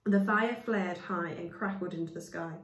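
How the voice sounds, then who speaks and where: A woman's voice: lowish voice, normal speed, fairly bright tone. A woman reading a storybook aloud as a storyteller, with casual asides to her listeners. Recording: echoey room, voice from far off.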